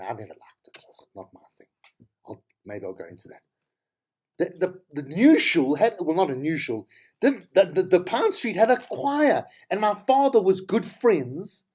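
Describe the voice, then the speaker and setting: A man's voice: high voice, vocal fry, a little mellow, slightly rough. A middle-aged man with a South African accent, telling rambling, tangential stories as a podcast host. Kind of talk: casual monologue.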